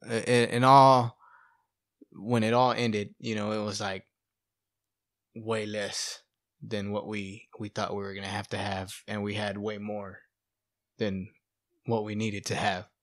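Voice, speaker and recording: Lively storytelling man, dry close voice. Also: fairly low pitch, unhurried, long pauses, no room sound. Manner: animated, fills speech with "right?" and "you know". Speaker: podcast guest sharing testimony. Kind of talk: casual storytelling.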